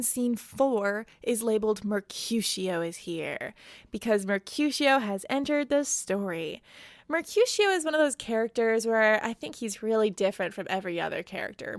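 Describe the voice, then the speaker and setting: A woman's voice: mid-range voice, no room sound, studio quality. A woman podcast host recapping a book in a chatty, wry, slangy way.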